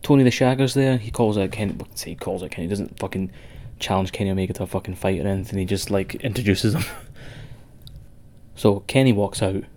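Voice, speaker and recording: Sweary Scottish man, low and mellow. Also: fast. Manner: sweary, rambling, laughs a lot. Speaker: podcast co-host. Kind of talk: casual podcast chat.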